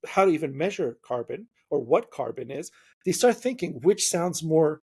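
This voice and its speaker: A young man hosts a conversational podcast with a somewhat high, husky voice. He argues with conviction and keeps the talk lively, briefly mimicking the voices of people he describes. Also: moderate pace. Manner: animated, opinionated, mimics voices when quoting. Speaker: podcast host. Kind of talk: casual interview conversation.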